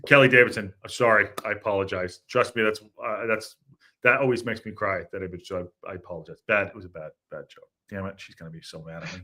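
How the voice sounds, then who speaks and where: Chatty man with a bright, low voice. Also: fairly even intonation, fast talker. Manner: chatty, jokey, apologetic asides. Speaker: host of a football fan phone-in show. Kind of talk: casual live-stream chat.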